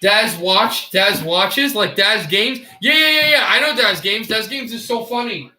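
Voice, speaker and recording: A man's voice: high-pitched, expressive, unhurried, sharp tone, reverberant, faint music behind, rough recording. A young man from the United States giving casual play-by-play hockey commentary on a livestream, often stammering and repeating words.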